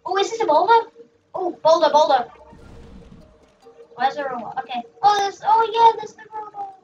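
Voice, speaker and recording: A young gaming host rambling through excitable let's play commentary, shrieking at what happens in the game. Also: very high-pitched, moderate pace, a little hiss or hum. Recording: dull, distant mic with faint music.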